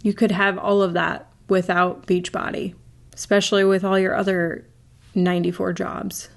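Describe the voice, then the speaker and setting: A woman's voice: mid-range voice, level tone, moderate pace, vocal fry. Dry, sarcastic woman commentator. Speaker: anti-MLM commentator. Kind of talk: casual reaction commentary.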